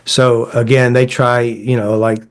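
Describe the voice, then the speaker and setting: A man's voice: medium pitch, measured pace. A middle-aged man, a therapist, telling stories in a casual conversation. His phrasing is blunt and folksy, and he slips into voices to act out quoted dialogue. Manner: animated, acts out quoted dialogue in shifting voices. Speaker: therapist and creator of a healing method.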